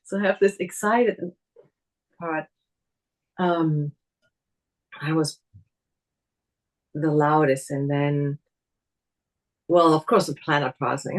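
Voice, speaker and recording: Woman, workshop participant, breathy lower voice, searching for words, video call. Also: slow, pauses often. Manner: warm, searching for words, laughs often. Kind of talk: personal sharing.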